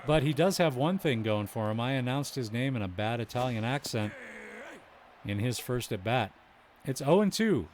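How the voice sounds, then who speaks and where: A man's voice: mid-range voice, moderate pace, slight background noise. A man streaming a baseball video game, calling the action in a mock broadcaster style and breaking off for chatty, self-deprecating asides. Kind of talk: baseball play-by-play commentary with asides to chat.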